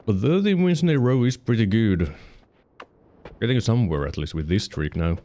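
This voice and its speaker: A man's voice: on the low side, animated, normal speed, mellow, a little hiss or hum. A man with a Finnish accent giving casual gameplay commentary while streaming, rambling and correcting himself as he explains mechanics, hiccuping now and then. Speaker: game streamer.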